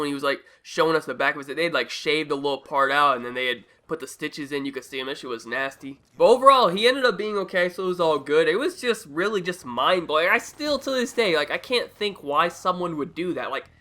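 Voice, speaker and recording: A young man tells a story from his school days to his viewers in a loose, chatty way. His voice sits a little high and sounds bright and forward. He swears freely and jumps into the voices of the people he quotes. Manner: animated, profane, acts out quotes. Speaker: vlogger telling a story. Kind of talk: casual storytelling.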